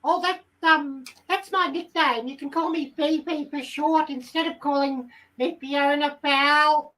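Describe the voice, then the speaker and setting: A woman voicing an excitable, chatty female hen who rambles with lots of ums. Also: high voice, measured pace, distant mic, low-quality recording. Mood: giddy. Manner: rambling, giddy, full of ums. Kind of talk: comic character monologue.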